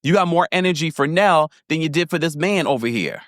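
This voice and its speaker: Guy doing a reality tv recap, high lively voice, laughs a lot, dry close sound. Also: quick pace, dry recording. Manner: animated, laughs often, acts out quotes in a higher voice. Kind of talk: casual commentary.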